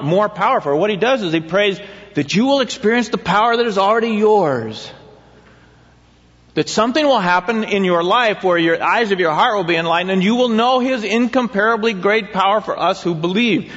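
Preaching conversationally, this man often turns to his congregation with questions. His voice is high-pitched and a bit bright, captured in a dull-sounding recording with long hall reverb.

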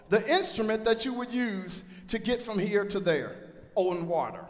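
A man with a very high voice preaches a sermon to his congregation. He swings between loud, shouted peaks and soft asides. His voice rings with the long reverb of a church hall. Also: normal speed. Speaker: pastor.

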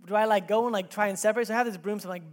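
A man in his thirties preaching a sermon in a church, telling a personal story with lively acted-out quotes before reading scripture. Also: high voice, racing. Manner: animated storytelling, acts out quotes with raised voice. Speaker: pastor.

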